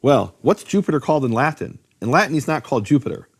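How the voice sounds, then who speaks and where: A man teaching in a conversational lecture about biblical names, animated, posing rhetorical questions and often restarting his sentences. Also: medium pitch, quick pace, breathy edge. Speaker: Bible teacher explaining Hebrew names.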